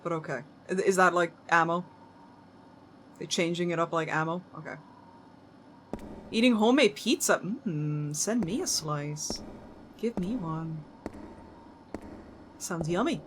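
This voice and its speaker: This woman's voice is fairly low and measured, with frequent pauses and a little hiss or hum on the recording. She's streaming a horror game live, joking, swearing casually and addressing the characters directly as she plays.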